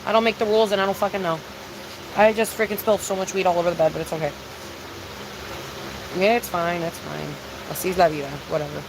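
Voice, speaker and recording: Rapid-fire and level in tone, a young woman's medium-pitched voice comes through over background noise. She's a livestreamer speaking to her audience in a casual, confessional way, stressing her points, cursing heavily, and repeating things.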